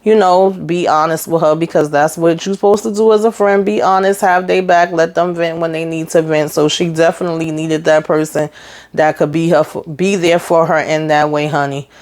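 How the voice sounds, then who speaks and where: A woman with a low, deep-set voice talks through a TV episode in a casual recap. She is chatty and slangy, and she drops blunt opinions as she goes. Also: steady tone, moderate pace, a little mellow. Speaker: TV recap host.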